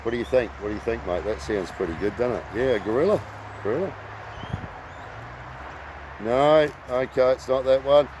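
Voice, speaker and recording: A man hosting a rambling casual talk, halting and full of ums and uhs. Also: medium pitch, noisy background. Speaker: host.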